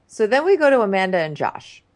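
A woman's voice: medium pitch, sing-song, fairly quick. A woman co-hosting a casual comedy chat, dry and wry. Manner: dry, wry, reads quotes in a mock voice. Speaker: podcast co-host.

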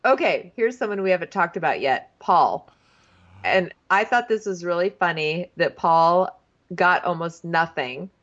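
A woman's voice: lowish voice, lively intonation, measured pace, fairly bright tone. A woman co-hosting a casual chat, telling stories and acting out what people said. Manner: chatty storyteller, acts out quotes. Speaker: podcast co-host. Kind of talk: casual chat recapping a reality show. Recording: dull, lo-fi sound.

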